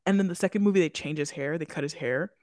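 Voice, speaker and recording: A woman's voice: low voice, quick pace, darkish tone, dry recording, studio quality. A woman co-hosting a podcast in casual chat, giggly and laughing often. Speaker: podcast co-host.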